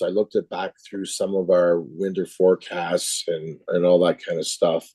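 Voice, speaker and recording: Hoarse, low-voiced man at council. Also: little pitch movement, normal speed, few pauses, dark tone, dry recording, low-quality recording. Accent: Canadian. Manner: casual, laughs often, rambling. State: losing his voice. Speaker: town councillor. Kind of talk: council meeting discussion. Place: council chamber.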